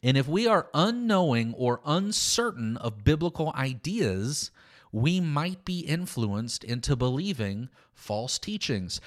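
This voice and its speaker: A man giving a conversational Bible teaching, emphatic and informal. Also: a little high. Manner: emphatic, informal, lively intonation. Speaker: Christian teacher.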